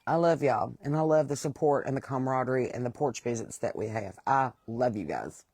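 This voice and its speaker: A woman's voice: extremely low pitch, brisk, a little mellow, slightly rough, no echo. A middle-aged woman with a West Virginian accent, hosting a casual monologue and talking in a blunt, plain-spoken, aggravated way. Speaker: host.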